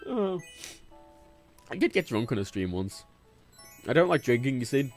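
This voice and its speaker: A young English man with a faint Liverpool twinge in his vowels, chatting loosely on a gaming livestream. His pitch leaps up and drops away a lot as he rambles, swears and hops between thoughts. Soft game music plays quietly behind him. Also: very animated, fairly quick. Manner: rambling, swears freely, jumps between topics. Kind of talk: casual gaming livestream chat.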